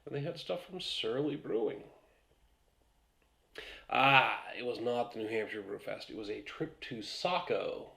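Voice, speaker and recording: A man's voice: mid-range voice, expressive, unhurried, creaky, bright, forceful tone. A man rambling casually through a beer review vlog, a few beers in and swearing now and then.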